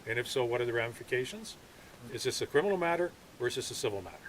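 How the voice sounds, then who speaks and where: Male police officer, measured official tone, brisk delivery, faint background hiss. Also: medium pitch, lively intonation, poor audio. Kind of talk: calm official explanation. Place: outdoor camp.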